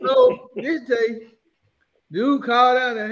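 Bright high-voiced laughing barber. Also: male voice, slow pace, pauses often. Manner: laughing, drops to a low murmur. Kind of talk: casual storytelling.

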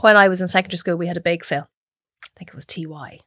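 Irish woman, cook-guest, chatty and animated, slips into voices, dry close sound. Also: lowish voice, very fast, no room sound. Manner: animated storyteller who acts out voices. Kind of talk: casual chat.

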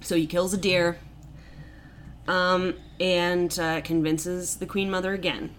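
A woman's voice: fairly low pitch, slow pace. A woman co-hosting a podcast, retelling a fairy tale in a casual, comedic way with lots of swearing and filler. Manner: animated, swearing, frequent "like" and "basically".

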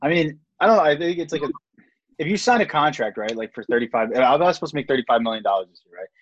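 A man's voice: fairly high pitch, animated, quick pace. A young man hosting a casual sports chat, rambling with many fillers like "like" and "um". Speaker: podcast host. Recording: slightly dull lo-fi sound.

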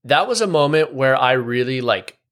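A man's voice: medium pitch, expressive, moderate pace, fairly bright tone. Laid-back slangy male podcast co-host. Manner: laid-back, slangy, chuckles while describing scenes. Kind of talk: casual chat about a comic.

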